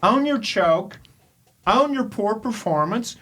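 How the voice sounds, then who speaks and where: An older man from Kentucky, a podcast host and coach, telling a story in an animated, emphatic way and firing off rhetorical questions. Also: high-pitched, slow pace. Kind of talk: storytelling monologue.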